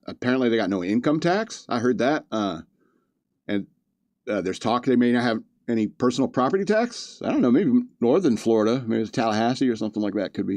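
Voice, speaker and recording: A man's voice: mid-range voice, darkish tone, dry recording. A man hosting a podcast, reading news stories aloud with joking asides and frequent chuckles. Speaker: podcast host. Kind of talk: casual comedic commentary.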